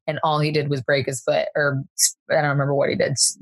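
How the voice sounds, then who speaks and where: Husky-voiced woman in her 30s, low-ish voice, dry close sound, laughs at herself a lot while chatting. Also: flat delivery, quick pace, no echo. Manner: candid and self-mocking, often breaking into laughter. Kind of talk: casual chat.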